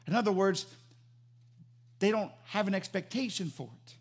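A man preaching a sermon as pastor, animated and emphatic, repeating phrases for emphasis. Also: high voice, moderate pace, pauses often, breathy edge.

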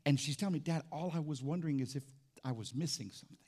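This middle-aged man, a pastor, delivers his sermon fast, with a fairly high, warm and husky voice. His style is chatty storytelling about family, punctuated by requests for an amen from the congregation.

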